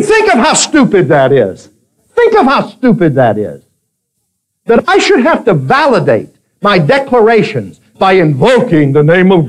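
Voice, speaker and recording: A man preaching a sermon to a congregation, moving between quiet asides and emphatic exclamations. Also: low-quality recording. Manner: preaching, swings between soft asides and loud high exclamations. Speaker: pastor. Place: church with a congregation.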